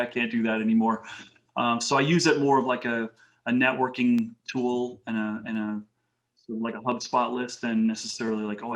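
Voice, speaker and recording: A man as a podcast guest, telling lively anecdotes in casual talk and acting out the people in them. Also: medium pitch. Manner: animated anecdotes with quoted voices. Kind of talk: casual storytelling interview.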